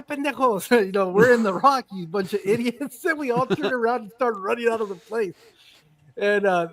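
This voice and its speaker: A man in his fifties with a fairly high voice, telling a story at a relaxed conversational pace. He is animated and slips into the voices of the people in his tale, swearing casually as he goes. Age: 50s.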